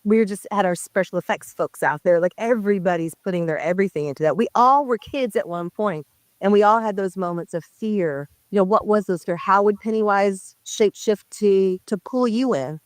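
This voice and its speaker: Actress, woman, mid pitch, earnest and reflective, dry close sound. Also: normal speed, no room sound. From Indigenous community in North America. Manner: earnest, reflective, searching for words. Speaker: actress interviewed. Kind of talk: press interview.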